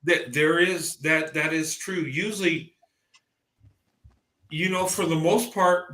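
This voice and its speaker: A man's voice: on the high side, bright, forceful tone, echoey room. A man in casual conversation as a podcast host, rambling and restarting his words as he talks. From American South. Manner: rambling, repeats words when starting a thought. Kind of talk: casual chat.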